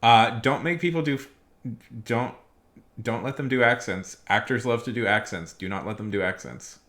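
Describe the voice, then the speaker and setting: Guy on a stream ranting casually, bright voice, repeats himself a lot. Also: medium pitch, normal speed. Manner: emphatic, repeats himself, restarts often. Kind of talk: casual rambling commentary.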